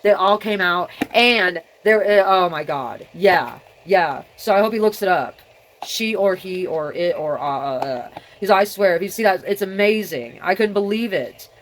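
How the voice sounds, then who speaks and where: A woman's voice: lowish voice, lively intonation, normal speed, slight background noise. A middle-aged woman vlogging alone, rambling in a scattered way, often trailing off mid-thought. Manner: scattered, talking to herself, trailing off. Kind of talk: rambling solo video chat.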